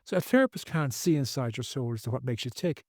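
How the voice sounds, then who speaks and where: A man's voice: medium pitch, animated, quick pace, no room sound, studio quality. A man speaking as a podcast guest, earnest and preachy, repeating phrases for emphasis. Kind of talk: podcast interview.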